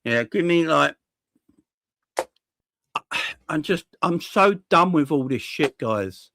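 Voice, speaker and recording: A man's voice: fairly high pitch, animated, slow, gravelly, pushed and bright. A young man ranting about a football defeat, furious and sweary, repeating himself and firing off rhetorical questions. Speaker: football fan channel host. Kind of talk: angry fan reaction rant.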